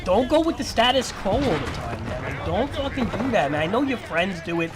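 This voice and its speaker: High-voiced guy lecturing on stream, keeps repeating himself, swears a lot, very animated. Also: fairly quick, music in the background. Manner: lecturing, repetitive, profane. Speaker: livestreamer. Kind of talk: casual stream rant.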